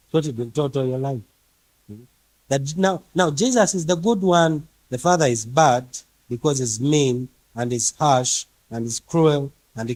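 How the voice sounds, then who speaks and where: A man's voice: mid-range voice, darkish tone, no room sound, poor audio. A man preaching a sermon emphatically, firing rhetorical questions at his congregation and piling up repeated phrases.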